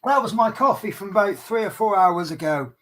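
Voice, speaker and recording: A man's voice: high-pitched, expressive, brisk, fairly bright tone. Chatty man rambling along. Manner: rambling, chatty storyteller who restarts and corrects himself. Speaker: coach driver and crafting vlogger. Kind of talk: casual chat while diamond painting.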